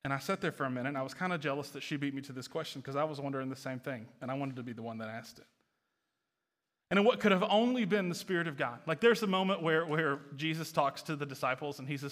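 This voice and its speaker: A man preaching a sermon as pastor, earnest and building to impassioned, near-shouted passages. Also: on the high side, quick pace.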